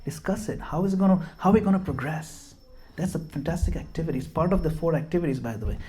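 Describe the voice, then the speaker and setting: A man's voice: a little high, fast talker, dark tone, a little hiss or hum. Self-mocking storyteller man giving a devotional talk. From Gujarat, India. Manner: storytelling, laughs at himself, mixes in Hindi and Sanskrit verses. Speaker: speaker at a devotional home program. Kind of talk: informal spiritual talk with stories.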